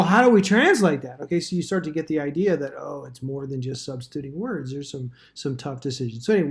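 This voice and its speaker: A man teaching a Bible study class in a casual, rambling way, with dry asides. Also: a little high.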